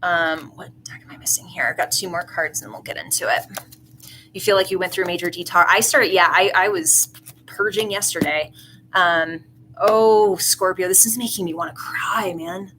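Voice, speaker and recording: A woman's voice: on the low side, normal speed, bright, forceful tone, a little hiss or hum, poor audio. A woman doing a tarot reading in a casual, rambling way, earnest and emotional. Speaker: tarot reader.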